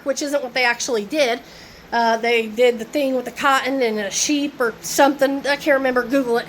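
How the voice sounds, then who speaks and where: A woman talks to her own camera at home, ranting and rambling with plenty of swearing. Her voice sits high, and she breaks off to laugh between her thoughts. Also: fairly even intonation, a little fast, slight background noise. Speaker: vlogger. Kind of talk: casual rant to camera. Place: at home, indoors.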